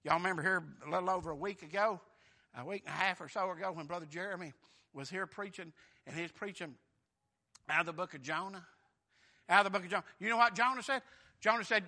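A man's voice: sits high, fast, pushed and bright. A man preaching a sermon, telling the story in a folksy way and acting out the voices.

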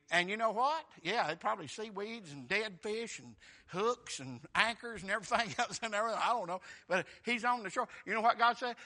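A man's voice: high-pitched, sharp tone. A man preaching a sermon, telling the story in a folksy way and acting out the voices.

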